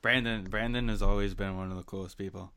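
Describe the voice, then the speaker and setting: Male co-host, lowish voice, laid-back and hesitant. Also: fast talker, clear, resonant tone. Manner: relaxed, hesitant with frequent "um"s. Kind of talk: casual chat.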